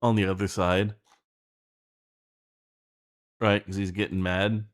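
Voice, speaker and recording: A man casually thinking out loud while planning a scene, rambling and halting, with frequent swearing. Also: low-pitched, flat delivery. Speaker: streamer writing an animation script.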